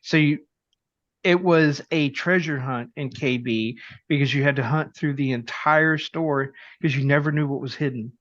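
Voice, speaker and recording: A middle-aged man with a fairly high voice, a lively storyteller in a casual podcast chat. The sound is dull and lo-fi but dry, with no room around him. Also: normal speed, no room sound. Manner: lively anecdotal storyteller who acts out dialogue. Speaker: podcast co-host.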